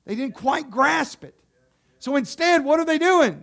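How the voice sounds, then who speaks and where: A man preaching a sermon. He asks the congregation rhetorical questions and calls out to them directly, dropping into soft, low passages and then rising into loud exhortation. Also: lively intonation, slow pace, long pauses. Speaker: pastor.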